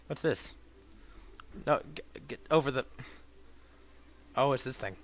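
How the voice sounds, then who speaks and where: A man giving profane gameplay commentary, muttering dry asides and bursting into shouted insults at enemies. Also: mid-range voice, a little slow, pauses often. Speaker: let's play gamer.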